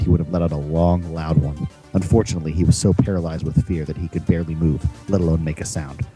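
A man narrating a novel in an expressive, dramatic reading. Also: sits low.

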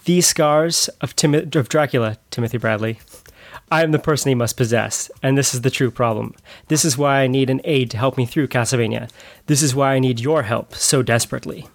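A man's voice: medium pitch, brisk, natural voice. A man voicing a solemn, earnest vampire hunter. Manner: earnest, formal.

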